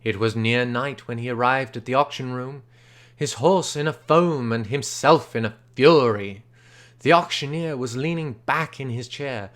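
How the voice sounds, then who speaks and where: A man reading an old short story aloud unrehearsed, with steady narration and occasional stumbles. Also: mid-range voice. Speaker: reader.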